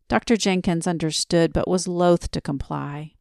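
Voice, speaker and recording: Bedtime story reader, soft and slow, lower woman's voice with fry. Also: no room sound, studio quality. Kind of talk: slow quiet sleep story narration.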